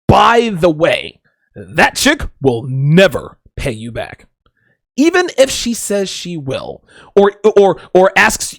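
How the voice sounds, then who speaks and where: Animated, blunt man giving dating advice. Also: fairly high pitch, dry recording, clean studio sound. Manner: blunt, joking, swears freely; acts out quoted voices. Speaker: podcast host. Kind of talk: casual dating-advice monologue.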